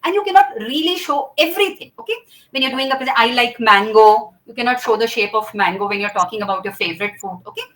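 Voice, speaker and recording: Woman teaching with lively explaining. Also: a little high, rough recording. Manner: explaining step by step, frequent "okay?" checks; acts out gestures while talking. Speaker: public speaking teacher. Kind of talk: classroom teaching.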